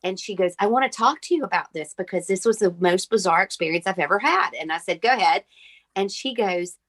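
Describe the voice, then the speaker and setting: Woman, healer guest, animated storyteller, dry close recording. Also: medium pitch, a little fast, no room sound. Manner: animated storyteller acting out dialogue. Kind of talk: conversational interview storytelling.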